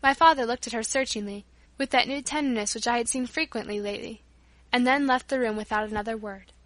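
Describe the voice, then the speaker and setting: A woman reading a chapter of a novel aloud in measured storytelling narration. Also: a little high, a bit bright, no room sound. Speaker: audiobook reader. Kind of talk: scripted narration.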